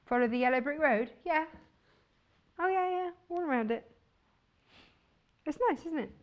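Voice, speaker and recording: A woman's voice: sits high, lively intonation, moderate pace, muffled recording. A woman presenting fabrics on a shopping channel, chatty and enthusiastic. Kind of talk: chatty live sales presentation.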